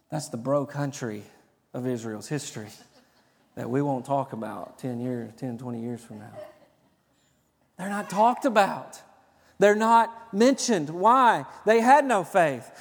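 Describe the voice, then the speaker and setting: A male pastor delivering a sermon in a high, bright-toned voice, driving points home by repeating phrases. His words carry a long reverb from a large church sanctuary. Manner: emphatic, repeats phrases for effect.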